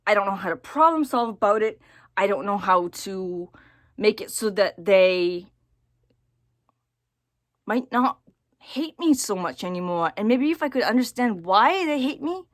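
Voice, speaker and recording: A woman talking casually to camera in a personal vlog, halting and repeating her words as she thinks aloud. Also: medium pitch, expressive, no echo, studio quality. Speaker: vlogger.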